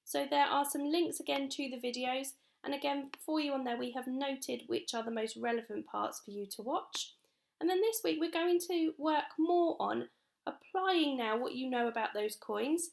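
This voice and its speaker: Upbeat English woman teaching young children. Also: high voice. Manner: upbeat, encouraging, speaks slowly and clearly to children. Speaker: primary school teacher. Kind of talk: recorded home-learning lesson for young children.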